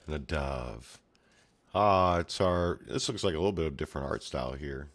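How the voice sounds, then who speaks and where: A man's voice: rumbling low, normal speed, fairly bright tone. A man casually reading a comic aloud and commenting, laid-back with mumbled asides. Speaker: video host reading a comic.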